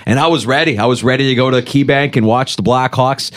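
A middle-aged man co-hosting a sports radio show in casual, animated chat, often mimicking other voices. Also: mid-range voice, fast talker. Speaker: co-host.

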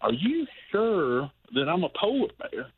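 A man's voice: high-pitched, sing-song, a little slow, breathy edge, full character voice. A man doing a whiny baby polar bear on a phone line.

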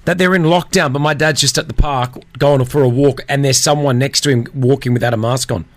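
A man's voice: medium pitch, brisk, no room sound. A man, hosting a casual radio chat and telling stories with jokes. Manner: jokey, animated storyteller. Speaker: radio host. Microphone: studio mic.

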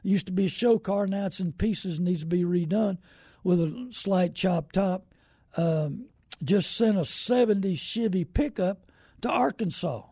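Gravelly folksy man, rambling. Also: sits high, a little slow, dark tone, no room sound, clean studio sound. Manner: folksy and rambling, greets viewers by name. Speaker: host of a car-buying show. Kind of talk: casual live-stream talk.

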